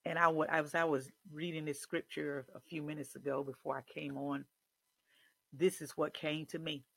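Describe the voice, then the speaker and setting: Male preacher, slightly high voice, dry recording, swells to shouts. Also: level tone, moderate pace, gravelly, slightly rough, no echo. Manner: rising to shouted declarations. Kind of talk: sermon.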